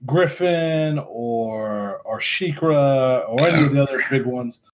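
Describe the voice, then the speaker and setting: A man co-hosting a casual podcast chat over drinks, animated, laughing often and trailing off with ums. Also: medium pitch, takes it slowly, crowd noise. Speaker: podcast co-host.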